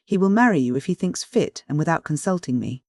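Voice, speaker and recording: A reader speaking as a young woman in a classic mystery audiobook, cool and blunt with her neighbor. The voice sits at a middle pitch. The recording is dry and close. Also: expressive, a little fast, darkish tone, no room sound, natural voice. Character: cool, frank young woman, engaged to be married. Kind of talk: audiobook dialogue reading.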